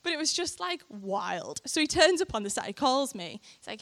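Animated woman telling her story. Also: high voice, moderate pace. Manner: animated storytelling, frequent laughter, acts out quoted lines. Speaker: speaker sharing a testimony. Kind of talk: personal testimony to a church audience.

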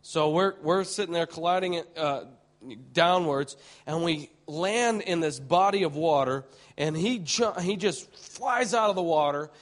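Swinging from whispers to shouting, a male preacher excitedly relates a vivid vision during a sermon, with many restarts. He sits on the high side and keeps a measured pace.

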